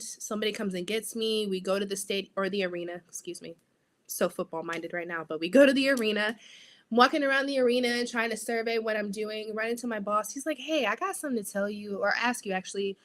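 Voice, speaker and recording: A young adult woman, a sideline reporter, telling her story as an interview guest in an animated, lively way. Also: mid-range voice.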